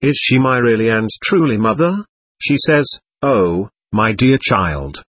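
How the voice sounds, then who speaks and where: A man reading aloud the words of a lost, lonely, childlike girl spirit from a séance record, in a plain, steady way. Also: mid-range voice, a little slow, husky, no echo. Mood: wistful.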